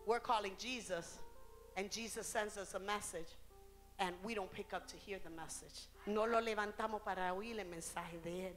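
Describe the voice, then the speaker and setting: A woman's voice: mid-range voice, moderate pace, a bit bright, faint music behind. A woman preacher giving a bilingual sermon in a church, switching between Spanish and English phrase by phrase, rising and falling in intensity and drawing out key words.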